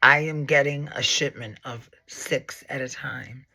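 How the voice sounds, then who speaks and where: A man's voice: medium pitch, unhurried, creaky, bright, forceful tone. A man in his forties, a makeup artist and educator, giving a casual makeup tutorial in a sassy, dramatic, rambling way, with lots of asides and swearing.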